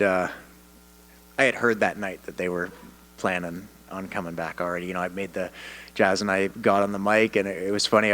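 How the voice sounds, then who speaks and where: A man from Canada, a fighter at a media day, answering reporters' questions with confidence and animated storytelling, often restarting his sentences. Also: lowish voice, low-quality recording. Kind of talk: press interview answers. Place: media day press room.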